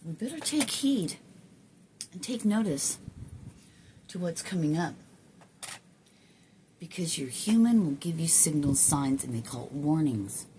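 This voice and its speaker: A woman's voice: low-pitched, warm tone, a little hiss or hum. A woman talking on her own in a casual spiritual vlog, rambling and swearing with many restarts, recorded on a phone. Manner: rambling, swears, laughs to herself, halting restarts. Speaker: spiritual vlogger. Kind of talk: casual spiritual monologue to camera.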